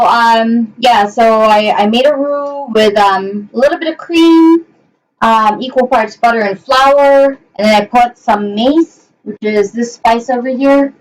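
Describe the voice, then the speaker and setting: A young woman with a fairly high voice hosts a casual live cooking stream from her home kitchen. She rambles chattily, with plenty of ums and trailing pauses, talking to her viewers and her dogs. Her voice sits a little back from the microphone. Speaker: cooking livestream host. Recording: voice a bit far from the mic.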